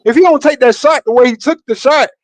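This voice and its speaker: High-voiced man pushing back, dry sound. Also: fast, dry recording. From Alabama. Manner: persistent, keeps trying to cut in. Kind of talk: heated sports debate.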